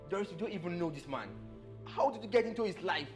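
A man's voice: high-pitched, lively intonation, fast talker. A man with a Nigerian accent playing a desperate, worried young man who urgently begs a woman to stop. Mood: pleading. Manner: urgent, begging, repeating her name. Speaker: boss's right-hand man. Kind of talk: film drama acting. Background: music.

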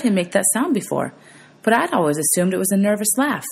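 A woman's voice: on the low side, very animated, brisk, vocal fry, slight background noise. A woman teacher reading a novel aloud for students, steadily narrating and calling out page numbers.

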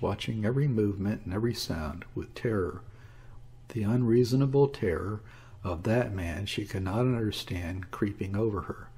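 A man reading a classic story aloud as an audiobook, in a measured, even storytelling manner. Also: fairly low pitch, slightly rough. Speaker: audiobook reader. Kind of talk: scripted narration of a classic story.

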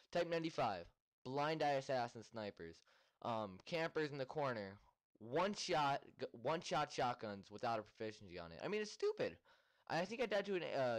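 A young man recording casual gameplay commentary at home, rambling with many ums and mildly annoyed complaints. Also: mid-range voice. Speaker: gaming commentator. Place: home room.

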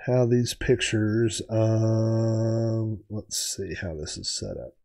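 A man's voice: on the low side, fairly even intonation, takes it slowly, gravelly, darkish tone. A man hosting a retro gaming vlog, telling stories in a rambling, digressive, chatty way. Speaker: retro gaming channel host. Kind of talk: casual storytelling vlog.

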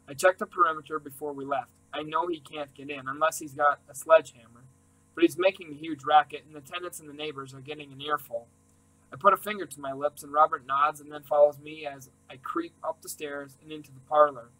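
A man reading a first-person novel aloud in an earnest, steady way. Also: a little high, normal speed, poor audio. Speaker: audiobook reader. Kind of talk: scripted narration.

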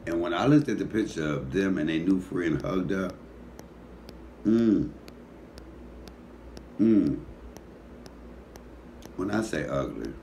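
A man comedian talking in a casual comedic monologue, animated and profane, teasing his listeners. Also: low-pitched, a little hiss or hum.

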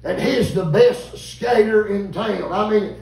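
A man, preaching a revival sermon in a folksy, animated storytelling way and calling out to the congregation. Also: high voice, slow, creaky. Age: 50s. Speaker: visiting preacher. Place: church sanctuary. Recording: echoey church room, mic at a distance.

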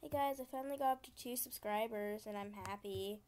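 A woman's voice: medium pitch, fairly quick, a little mellow, a little hiss or hum. A young woman casually commenting as she plays a computer game, chatty and easily frustrated, often laughing. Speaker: gaming channel host.

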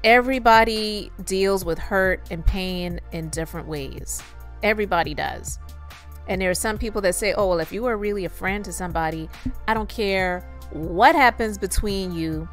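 A woman hosting her own channel, giving a measured, earnest commentary monologue that explains her views at length. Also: mid-range voice, a bit bright, faint music behind. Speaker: YouTube channel host.

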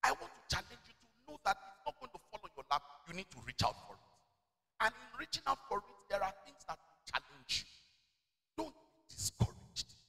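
Pastor, male, high bright voice, lively sermon delivery, church hall reverb. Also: brisk, creaky. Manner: animated preaching with call-and-response and storytelling.

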